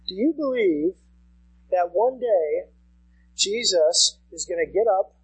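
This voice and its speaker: A man's voice: sits high, lively intonation, slow pace, husky, poor audio. A man in his thirties preaching a sermon as pastor, conversational and repeating key phrases for emphasis. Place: church sanctuary.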